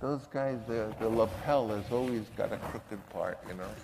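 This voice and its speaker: A man imitating an older male actor speaking in character, low, hushed and musing. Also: moderate pace, vocal fry, noisy background.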